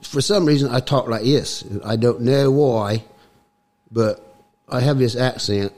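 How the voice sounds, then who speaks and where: A man's voice: mid-range voice, unhurried, a little mellow, close to an everyday voice. A man putting on a Cockney accent while telling a rambling tall tale with chuckles in a garage. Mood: joking.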